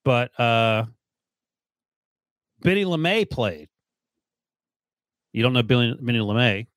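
A man's voice: medium pitch, lively intonation, slow, no room sound. A man in his forties co-hosting a casual sports podcast, blunt and joking. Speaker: podcast co-host.

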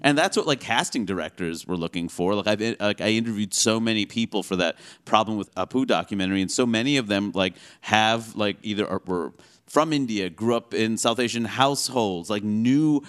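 Animated comedian talking fast in asides. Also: male voice, lowish voice, clear, resonant tone. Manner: animated, quick asides, frequent "you know" and "like". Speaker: comedian guest. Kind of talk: casual interview chat. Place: radio show studio with audience.

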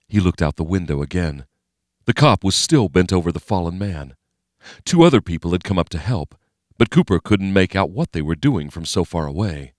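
A man reading a novel aloud as narrator, in a steady, measured way. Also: low-pitched, no echo, studio quality. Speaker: audiobook narrator. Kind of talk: scripted narration.

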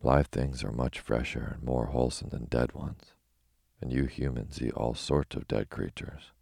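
A brisk, matter-of-fact yellow hen from a storybook, as a man with a very deep voice reads her. The voice is gravelly, flat and low-key, read slowly for sleep. The sound is dry and close. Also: no echo, exaggerated voice. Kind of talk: bedtime story reading.

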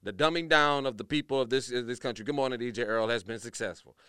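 A man's voice: mid-range voice, fast, bright, forceful tone. A man from Louisiana hosting a morning radio show, talking bluntly and ranting with jokes. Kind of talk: casual morning show chat.

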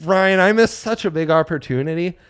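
A man's voice: sits high, brisk, clear, resonant tone. A man from Colorado co-hosting a podcast, joking around in casual banter and laughing often. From Colorado, United States. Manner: jokey, animated, laughs often. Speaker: podcast co-host.

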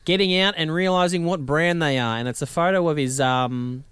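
Male co-host, higher voice, jokey sing-song reads, dry sound. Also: moderate pace, a bit bright, smooth, dry recording. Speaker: podcast co-host. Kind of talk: casual chat.

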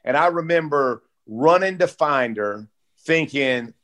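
A man's voice: a little high, animated, unhurried, a bit bright. A man in his forties, a former football player, telling stories in a casual, heartfelt way, peppered with "bro" and "dude". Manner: laid-back, peppers talk with "bro" and "dude"; heartfelt, close to tears. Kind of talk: casual podcast storytelling.

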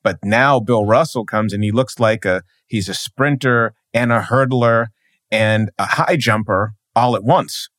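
A man's voice: fairly low pitch, measured pace, a bit bright, no echo, studio quality. A man, a sports journalist, speaking emphatically as a podcast guest and building his points with repeated phrases. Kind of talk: podcast interview.

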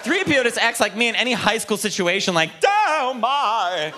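A man doing a stand-up comedy set on a club stage, animated and campy with quick jokes. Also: sits high, music in the background.

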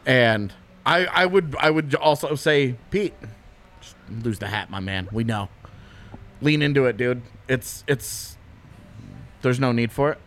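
Animated, laughing podcast co-host, male. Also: mid-range voice, unhurried, long pauses. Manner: animated, laughing, calls people dude. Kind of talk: casual chat.

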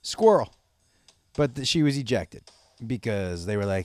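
A man hosting a comedy podcast, telling stories in a profane, animated way and laughing at his own jokes. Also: fairly low pitch, unhurried, pauses often, no echo. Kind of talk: casual comedic monologue. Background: faint rock music playing.

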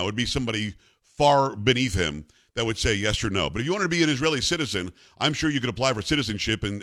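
A middle-aged man hosting a talk radio show, speaking in a brisk, emphatic, bantering way. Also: medium pitch, fairly bright tone.

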